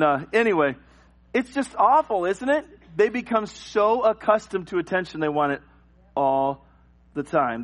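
Middle-aged man, pastor delivering a sermon, lively acted-out anecdotes, a touch higher-pitched voice. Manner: animated storytelling, acts out scenes and cries. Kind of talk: sermon with personal stories.

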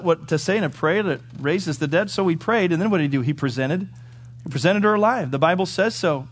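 Male pastor, mid-high voice, animated, rhetorical questions to the congregation, big swings between loud and quiet. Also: fast talker, slightly rough. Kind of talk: sermon.

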